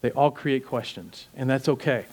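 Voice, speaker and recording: A man's voice: mid-range voice, moderate pace, darkish tone. A middle-aged man preaching a sermon as pastor, emphatic and full of rhetorical questions, building to fervent peaks.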